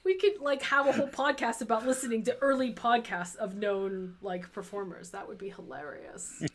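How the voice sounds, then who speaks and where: A woman's voice: on the high side, moderate pace, a little hiss or hum. A woman co-hosting a livestream chat, teasing and playful in her banter. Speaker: podcast co-host.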